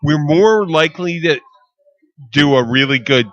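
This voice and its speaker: A man's voice: fairly high pitch, expressive, measured pace, a bit bright, lo-fi sound. A man hosting a podcast, chatting casually and rambling with some swearing. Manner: rambling, swearing, loose and jokey. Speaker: podcast host. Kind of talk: casual chat. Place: bar.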